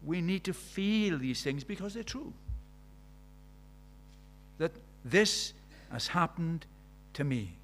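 Preacher, conversational, slightly high voice. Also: male voice, slight background noise. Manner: conversational, with rhetorical questions. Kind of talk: sermon.

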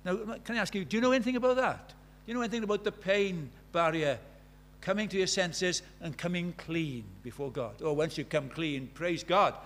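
A middle-aged man with a Welsh accent delivers a sermon with a fairly high voice. He shifts from loud, emphatic declarations to quiet, hushed asides as he preaches. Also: fairly quick. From Wales.

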